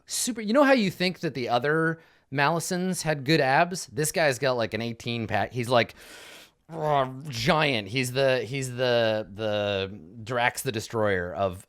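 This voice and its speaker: A man narrating as game master of a tabletop game, rambling with fillers and restarts. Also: mid-range voice.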